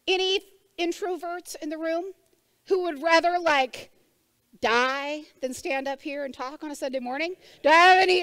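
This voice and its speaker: A woman's voice: high voice, a bit bright, dry recording. A woman giving a conversational sermon in a church, asking the congregation direct questions. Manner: conversational preaching, asks the room direct questions. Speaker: church speaker. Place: church service before a congregation.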